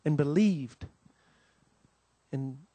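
At a Christian gathering, a man with a somewhat high, warm voice gives a folksy welcome, drawing out his words. The recording is dry and close with little room sound. He tells homespun stories, says "you know" a lot, and acts out quoted voices.

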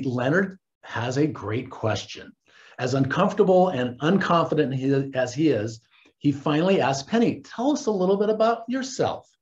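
A man hosting a casual recap, animated and quick to laugh as he retells the story. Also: medium pitch. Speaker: host. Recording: dull lo-fi recording.

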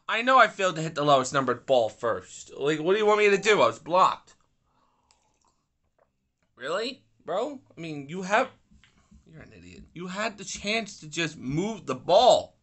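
A young man talks through his pool game in a loose, irritable ramble, cursing at opponents and drifting into side stories. His pitch jumps around a lot, and his tone is bright and forward. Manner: grumpy, swearing, rambling asides. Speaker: gaming YouTuber. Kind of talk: casual gameplay commentary.

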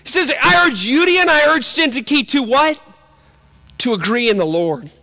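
A man's voice: very high-pitched, animated, moderate pace, pushed and bright. A male pastor preaching a sermon in a church, emphatic, repeating key phrases and firing off rhetorical questions.

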